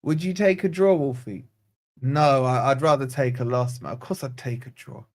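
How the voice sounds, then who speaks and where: A man's voice: mid-range voice, normal speed, a little mellow. A man hosting a live football watch-along, blunt and sarcastic, venting about his team as the match plays out. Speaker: fan channel host.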